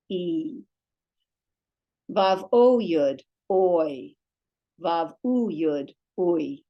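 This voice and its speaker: Woman, patient classroom teacher, lower voice, very measured pace, drills sounds one by one. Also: expressive, dark tone, low-quality recording. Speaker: Hebrew teacher. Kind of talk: classroom lesson, reading out vowels and letters. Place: classroom with a board.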